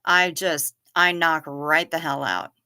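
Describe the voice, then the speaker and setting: Woman livestream host, chatty and bright, answers viewer comments as they come in. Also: low-pitched, fairly even intonation, slow pace, clean tone. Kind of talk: casual chat reading viewer comments.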